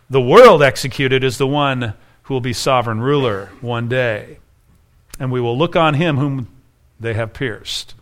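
A man preaching an expository sermon, emphatic, repeating key phrases and slowing down for quoted scripture. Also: medium pitch, a bit bright.

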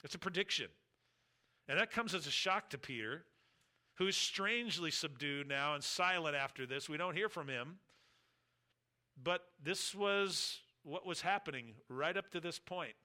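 A man's voice: a little high, unhurried, pushed and bright. A middle-aged man preaching an expository sermon, reading scripture aloud and acting out the speakers' words.

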